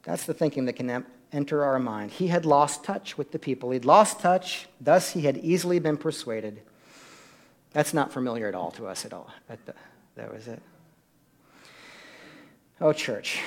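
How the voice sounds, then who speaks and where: A man preaching a sermon, shifting from quiet asides to loud, emphatic peaks and questions to the congregation. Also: mid-range voice, animated, moderate pace, long pauses. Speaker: pastor.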